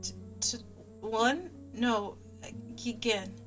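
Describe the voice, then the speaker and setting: A woman's voice: on the high side, lively intonation, a bit bright, faint music behind. Woman playing a stammering lab creature. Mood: halting. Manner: halting, broken words, stammering. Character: strange male water creature learning to speak.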